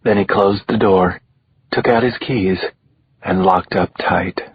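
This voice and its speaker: Brief: deep, husky male audiobook reader, measured and dramatic, dry lo-fi sound. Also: fairly even intonation, no echo. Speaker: audiobook narrator. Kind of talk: scripted audiobook narration.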